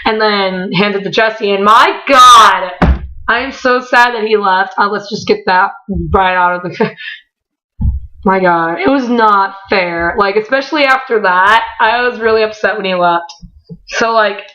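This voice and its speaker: Woman, vlogger, excitable storytelling, bright forceful voice, dull lo-fi sound. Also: medium pitch, unhurried. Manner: excitable, profanity-laden, quoting voices. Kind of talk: casual storytelling. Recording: dull lo-fi recording.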